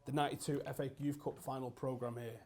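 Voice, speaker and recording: A man's voice: medium pitch, flat delivery, fast talker, darkish tone. A young man hosting a casual podcast, chatty and enthusiastic, swearing freely. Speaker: podcast host, grandson.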